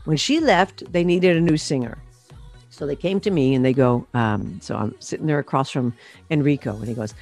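A woman's voice: sits low, fast, soft background music. Chatty woman singer telling stories. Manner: animated, many fillers and restarts, laughs often. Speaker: singer recalling her career, interview guest. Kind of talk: casual storytelling interview.

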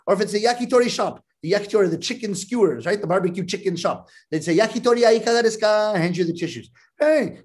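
A man from Canada, a native English speaker, telling comic stories in a talk and acting out the voices of other people. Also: high voice. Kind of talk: humorous storytelling talk. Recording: online video call.

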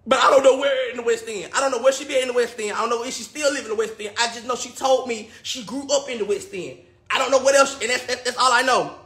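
A man with a very high, sharp voice rants fast and loud, repeating himself and swearing freely. He sounds exasperated. The room around him echoes. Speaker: vlogger. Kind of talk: ranting vlog.

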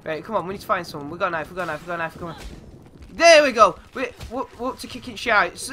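A young man giving live gameplay commentary, excitable and swearing, his voice going squeaky when he yells. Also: racing, slight background noise. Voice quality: goes squeaky when yelling. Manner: excitable, shouts and swears at the game. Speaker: gaming YouTuber.

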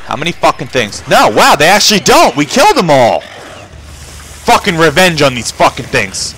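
A man commentating a video game playthrough, swearing constantly and shouting when panicked. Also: fairly high pitch, huge pitch swings, normal speed, slight background noise. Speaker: gamer. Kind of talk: profane let's-play commentary. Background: game music and sound effects.

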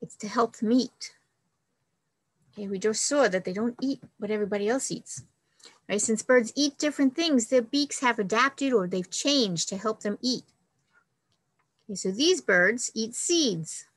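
A woman's voice: a little high, moderate pace, no echo, poor audio. Upbeat woman librarian teaching kids. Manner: friendly, upbeat, talks to children. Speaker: children's librarian. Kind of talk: storytime reading and kids' science lesson.

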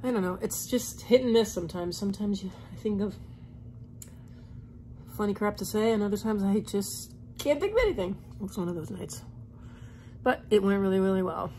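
A woman's voice: medium pitch, expressive, a little fast, a little mellow, a little hiss or hum. A woman touring singer talks to her camera in a loose, rambling vlog chat. Her voice sits in a middle register, and she often laughs at herself between thoughts.

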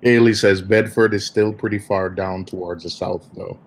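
A man's voice: low voice, steady tone, normal speed, a little hiss or hum. A man riding along as passenger, chatting casually and teasingly while relaying messages from a live chat. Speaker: passenger and co-host. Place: car on the road.

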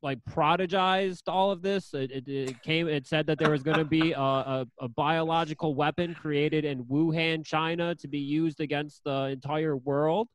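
A man co-hosting a podcast, trading deadpan jokes in casual banter. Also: fairly high pitch, normal speed, few pauses, slight background noise. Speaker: podcast co-host.

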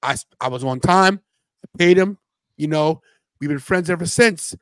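A man hosting a wrestling watch-party podcast, telling stories in a loose, slangy, animated way. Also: on the high side, moderate pace, dry recording. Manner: animated storyteller, quotes friends in a loose slangy way. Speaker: podcast host. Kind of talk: casual watch-party chat.

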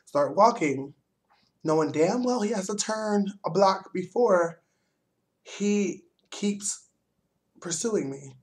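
A young man vlogging, telling a story in a heavily profane, animated rant. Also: high-pitched, slow, pauses often.

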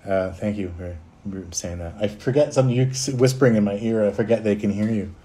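A Canadian voice actor hosts a fan livestream, answering viewer questions in casual chat. His voice is lowish, mellow, and fast. He's easygoing, chuckles a lot, and reads the chat out loud.

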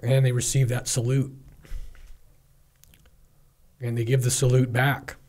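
Animated male podcast co-host. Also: medium pitch, measured pace. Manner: animated, admiring retelling with fillers. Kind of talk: casual chat.

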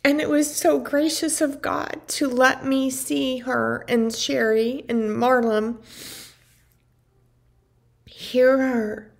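Woman vlogger, fairly high voice with gravelly fry, earnest and emotional storytelling. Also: fairly even intonation, slow pace. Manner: earnest, emotional, heavy use of "like". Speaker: vlogger and family caregiver. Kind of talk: personal storytelling to camera.

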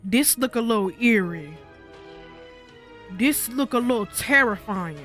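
A woman's voice: on the high side, lively intonation, a little slow, a bit bright, soft background music. A woman streaming a video game with casual, sassy, profane commentary, talking back to the characters on screen. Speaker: gaming streamer. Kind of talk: casual let's-play commentary.

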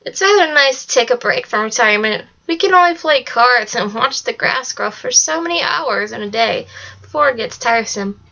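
A woman reading aloud, voicing a gentle elderly grandmother who speaks softly, slowly and soothingly. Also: on the high side, animated, creaky, muffled recording, heavily acted. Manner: soft, slow, soothing. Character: soft-spoken elderly grandmother, gentle and doting.

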